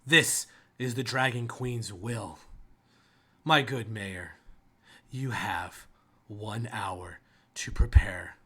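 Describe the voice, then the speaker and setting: Casting: man doing a haughty female dragon army rider, cold low menace, slow deliberate delivery. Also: a bit bright, slightly rough, heavily acted. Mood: commanding.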